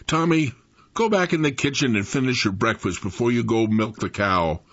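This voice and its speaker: A man's voice: medium pitch, moderate pace, fairly bright tone, dry recording, close to an everyday voice. An old man voicing a caring, busy farm mother in a raised, coaxing voice. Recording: dull lo-fi recording.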